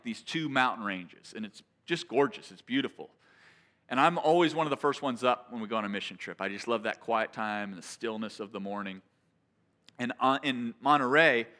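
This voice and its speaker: A man's voice: mid-range voice, pushed and bright. A man preaching a sermon, telling a personal story in a conversational, earnest way. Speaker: pastor.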